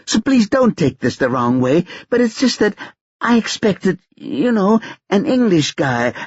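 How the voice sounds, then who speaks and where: Male reader playing a panicky American woman, rushed and rambling, higher-pitched and a little husky. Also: very animated, no room sound, full character voice. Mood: anxious. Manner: fast, breathless, rambling. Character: anxious American woman talking in a rush. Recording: dull lo-fi dry recording.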